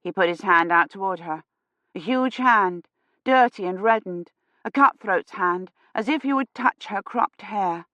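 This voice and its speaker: Woman narrating in a hushed, suspenseful voice. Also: mid-range voice, unhurried, dry recording, lo-fi sound. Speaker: audiobook narrator. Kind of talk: scripted narration.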